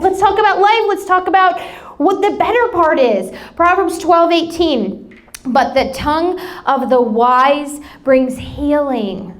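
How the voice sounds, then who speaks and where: A woman in her thirties with an American accent, a pastor preaching a sermon and telling a family story with laughing asides. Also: high voice.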